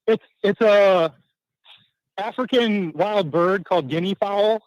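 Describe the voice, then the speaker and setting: Slow-talking farmer calling in. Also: male voice, high-pitched, no room sound, highs cut off. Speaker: caller, a farmer. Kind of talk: phone-in conversation.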